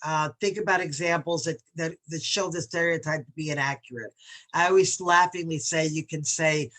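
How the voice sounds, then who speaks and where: A woman's voice: deep voice, fairly even intonation, moderate pace, a bit bright. A woman from New York leading a workshop on bias, talking conversationally and reading quotes aloud with emphasis. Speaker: diversity workshop presenter.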